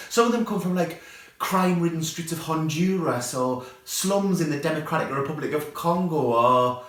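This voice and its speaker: A man doing a stand-up comedy rant, sweary and conversational, as a comedy show presenter. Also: a little high. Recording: very echoey room.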